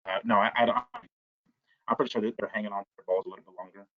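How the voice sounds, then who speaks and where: A man's voice: lowish voice, steady tone, very fast, no echo. A man on a podcast panel, talking casually and hesitantly with many fillers. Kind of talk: casual chat. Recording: dull, dry lo-fi audio.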